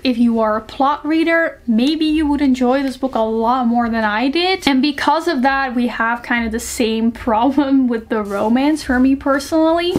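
A young woman with a fairly high voice gives a casual, candid book review vlog. She rambles in a chatty, frank way and leans on lots of fillers as she talks. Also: slight background noise.

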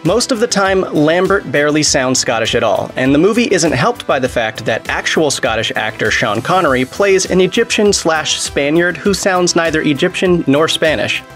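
A man's voice: on the high side, animated, normal speed, hardly any pauses, a bit bright, faint music behind. A man narrating a scripted video in a wry, sardonic tone.

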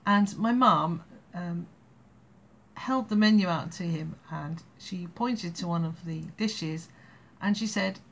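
A woman in her sixties with an English accent tells a story straight to camera, chatty and wandering. Her fairly low voice has a gravelly fry running through it, and she laughs often between phrases. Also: takes it slowly. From England. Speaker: storyteller vlogger. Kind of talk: casual spoken anecdote.

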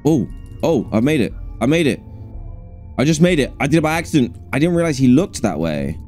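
Man, gaming streamer, lively swooping voice, low warm tone, excitable, faint music behind. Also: a little fast. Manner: excitable, jumpy, laughs a lot. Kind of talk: live gameplay commentary.

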